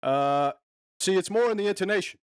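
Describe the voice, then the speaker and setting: A male podcast host eggs on his guest, laughs easily and asks long, rambling questions. His voice sits a little higher than most men's, and the sound is close and dry. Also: fairly quick, clean tone, dry recording. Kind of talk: casual podcast chat.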